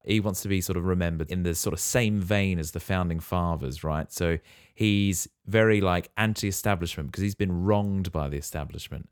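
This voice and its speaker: Laid back guy with a really deep voice walking through a movie plot, asks his cohost questions. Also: normal speed, no room sound, clean studio sound. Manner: relaxed storyteller, quizzes co-host. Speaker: podcast host. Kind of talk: casual movie recap.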